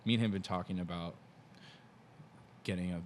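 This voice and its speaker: Low-voiced man in loose casual chat. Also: steady tone, normal speed, slight background noise. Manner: rambling, loose, swears casually. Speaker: podcast guest, musician.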